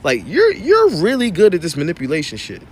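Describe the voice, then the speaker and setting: A man's voice: on the high side, wildly swooping pitch, a little fast, breathy edge. A young man ranting sarcastically and with exasperation, inside a car. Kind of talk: selfie video rant.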